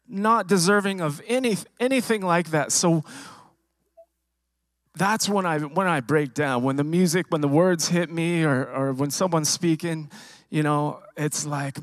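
A man's voice: fairly high pitch, fairly bright tone, dry recording. Church musician, man, tenor-ish, emotional testimony, lots of restarts, dry close sound. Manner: emotional, halting, many restarts and repeats. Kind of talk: personal testimony to a congregation. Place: church sanctuary. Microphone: handheld microphone.

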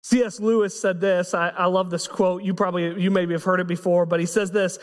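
A man's voice: high-pitched, fairly quick, hardly any pauses. Impassioned man preaching in an echoing hall. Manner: impassioned, swings between hushed and excited. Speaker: pastor. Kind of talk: sermon.

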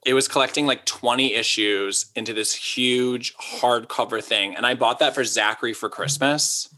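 Young male co-host, bright edge, casual and rambling. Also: mid-range voice. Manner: rambling, lots of "like", quick asides. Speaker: podcast co-host. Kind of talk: casual chat.

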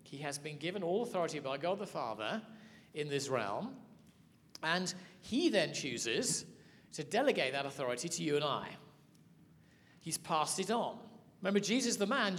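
A man teaching a sermon, telling stories in an animated way. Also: fairly high pitch. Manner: storytelling, animated. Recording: hall reverb.

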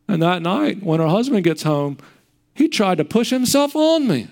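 A man's voice: sits high, very animated, normal speed, vocal fry, darkish tone. A male preacher giving a sermon, with rhetorical questions and vivid retelling.

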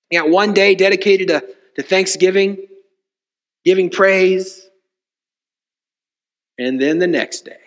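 A man preaching a sermon as pastor, emphatic and full of rhetorical repetition. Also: high-pitched. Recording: long reverb of a church hall.

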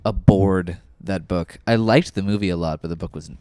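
A man's voice: low-pitched, normal speed, dark tone, no room sound. A man co-hosting a podcast, talking in a casual, dry joking way. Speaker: podcast co-host. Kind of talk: casual chat.

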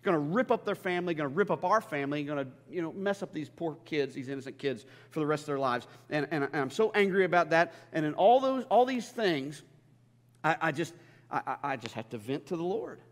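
A man preaching a sermon as a pastor, impassioned and stammering over restarts, swinging between loud and hushed. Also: on the high side, expressive, brisk. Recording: long hall reverb.

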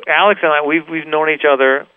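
A man's voice: on the high side, a little fast, clean tone, no room sound. A male guitarist, the interview guest, chatting casually and rambling a little, with lots of "you know" and restarts. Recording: tinny phone line.

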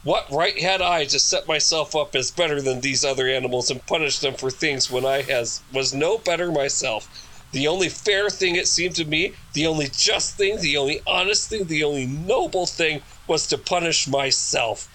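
A man's voice: a little high, moderate pace, bright, forceful tone, rough recording. A man voicing a pompous male animal judge who makes grand speeches. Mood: self-justifying. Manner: grand, declaiming.

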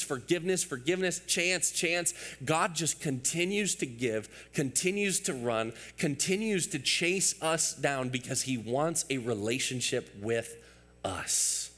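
A man's voice: medium pitch, a bit bright, in a large hall. A man in his thirties preaching a sermon as pastor, emphatic and building through repeated phrases, with asides to the congregation.

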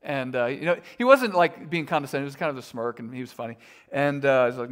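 A man's voice: mid-range voice, fast talker. A middle-aged man preaching a sermon as a pastor, conversational and self-deprecating, with frequent fillers.

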